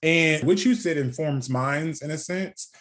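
A man's voice: fairly high pitch, measured pace, a bit bright. A young man co-hosting a podcast, telling a personal story in casual chat, candid and swearing freely with frequent laughs. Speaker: podcast co-host.

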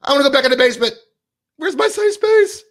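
Shrill, whiny, fragile young man as a man mocks him, high falsetto whimper. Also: lively intonation, fast, fairly bright tone. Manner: mocking falsetto whine.

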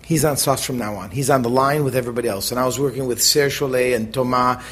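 Husky middle-aged man telling stories. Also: mid-range voice. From United States. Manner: animated, acts out quoted voices, quick bursts. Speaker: chef, interview guest. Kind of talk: conversational storytelling.

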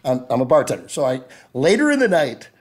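A man co-hosting a comedy podcast who tells a story in a casual, animated way, laughing and restarting as he goes. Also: mid-range voice, fast talker. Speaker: podcast co-host.

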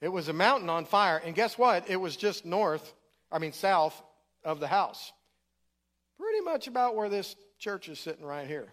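A man's voice: high-pitched, sing-song, moderate pace, fairly bright tone. A middle-aged man preaching in a church, telling his story in a casual, conversational way. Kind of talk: sermon testimony.

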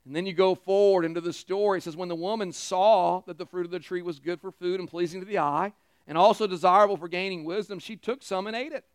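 A man's voice: sits high, fairly even intonation, quick pace, clean tone, no echo, studio quality. A man preaching a sermon in a conversational way, acting out the quoted lines from the story. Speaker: pastor.

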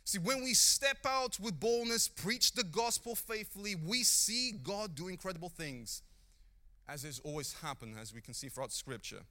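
A man preaching a sermon with earnest, animated delivery, acting out the people in his stories. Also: high voice, normal speed.

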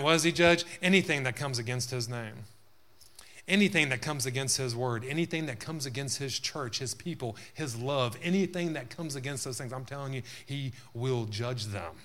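Gravelly man preaching a sermon. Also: mid-range voice, pushed and bright. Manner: preaching with rising intensity, repeated amens. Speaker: pastor.

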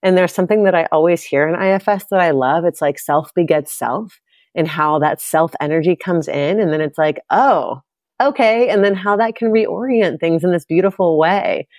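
A woman's voice: lowish voice, normal speed, a little mellow, no room sound. A woman in her thirties hosting a heartfelt podcast conversation, reflective and searching, with many fillers and restarts. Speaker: podcast host.

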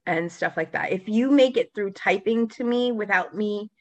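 A woman's voice: medium pitch, moderate pace, no room sound. A woman co-hosting a podcast in casual chat, self-assured and talkative, with frequent restarts. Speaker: podcast co-host.

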